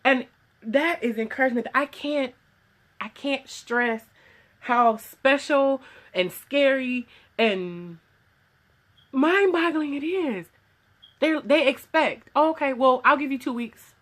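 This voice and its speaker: A woman's voice: sits high, takes it slowly, pauses often, a bit bright. A woman, a small business owner, giving an earnest, rambling personal testimony in a casual vlog, recorded at home in her sewing room. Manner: earnest, rambling with restarts and quoted voices.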